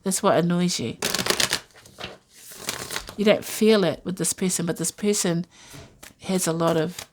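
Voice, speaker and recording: A woman talks through a tarot spread in a loose, meandering way, full of fillers and asides. Her voice sits a little low for a woman. The style is a relaxed, intuitive reading. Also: a little slow, pauses often, slight background noise. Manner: rambling, musing, many fillers and asides. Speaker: tarot reader.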